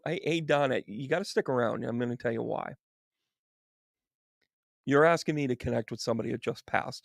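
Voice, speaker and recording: A man working as a psychic medium, reading tarot cards on a live stream and chatting with viewers. He is animated and chummy, often laughing and calling people by name. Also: medium pitch, creaky, no echo, studio quality.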